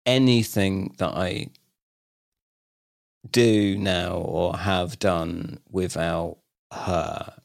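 A man in his forties tells stories in an animated, playful way, laughing often and slipping into other people's voices. His voice sits fairly low and sounds dry and close to the mic. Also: dry recording. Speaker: guest. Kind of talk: casual storytelling chat.

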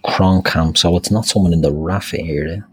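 Deep husky guy working through quiz answers out loud, bit sweary. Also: normal speed. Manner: thinks aloud, swears freely. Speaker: quiz contestant. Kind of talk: casual podcast banter.

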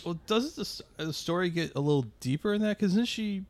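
A man's voice: sits high, expressive, brisk, no echo. A man on a casual comedy podcast, wry and rambling, full of fillers like "like".

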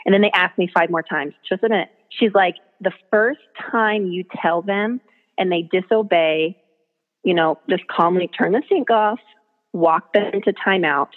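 This woman's voice sits on the low side and is unhurried, with tinny phone-line sound. A mother and blogger, she shares parenting stories in a casual interview, earnest and chatty, imitating her children as she goes.

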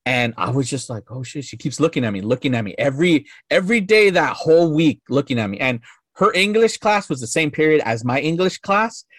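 A man's voice: on the high side, animated, fairly quick, a bit bright, no room sound, studio quality. A man in his thirties, a podcast guest telling a story casually in a rambling, profane way full of filler words.

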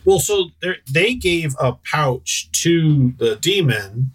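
A man's voice: on the high side, lively intonation, slow, slightly rough, recorded from a distance. A man running a tabletop game as game master, describing scenes in a rambling way with lots of hesitations. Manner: rambling, full of hesitations and "sort of, like".

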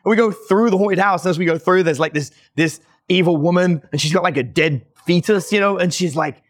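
A man talking as a podcast guest, telling lively stories and acting out the people he quotes, with lots of "like" fillers. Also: high-pitched, brisk. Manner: animated, acts out quoted voices, many "like" fillers. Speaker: podcast guest, dating company owner. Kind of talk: casual conversational storytelling.

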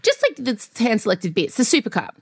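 A woman co-hosting a casual pop culture chat, gossipy and excitable, laughing often. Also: fairly high pitch, fairly quick, vocal fry, husky. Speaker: podcast co-host.

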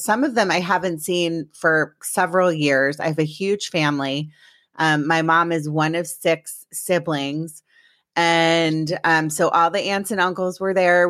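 A woman podcast host with a low-pitched, fairly bright voice is recorded in clean studio quality with no echo. In a casual, chatty way she tells rambling personal stories before introducing her guest.

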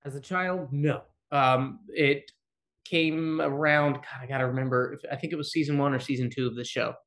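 A man's voice: medium pitch, steady tone, moderate pace, a bit bright. A man, a guest actor talking casually in an interview, rambling and blunt. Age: 30s. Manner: rambling, self-deprecating, blunt.

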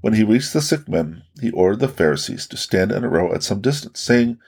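Brief: male audiobook narrator, husky and gravelly, measured religious reading. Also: fairly low pitch, animated, darkish tone.

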